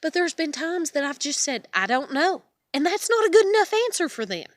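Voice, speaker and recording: Woman vlogger in her thirties, upset and stressed, a high voice and a dry, close sound, swearing and exasperated. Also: big pitch swings, brisk, no echo. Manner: swearing, exasperated, trailing off into weary sighs. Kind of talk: frustrated personal vent to camera.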